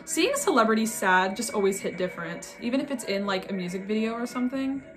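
Young woman vlogger, chatty and soft, middle pitch, light music bed. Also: expressive, fast. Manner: soft-spoken, musing, filler-heavy. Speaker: vlogger reacting to videos. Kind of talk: casual reaction vlog.

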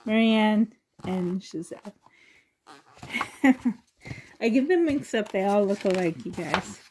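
A woman's voice: medium pitch, lively intonation, slow, noisy background. A middle-aged woman vlogger chatting casually and rambling, with frequent giggles as she shows things. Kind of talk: casual show-and-tell chat.

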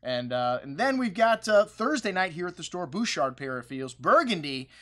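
A man's voice: sits high, sing-song, normal speed, pushed and bright. Chatty man hosting a wine shop promo. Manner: chatty and loose, with many fillers and asides. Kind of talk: casual video promo talk. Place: wine store.

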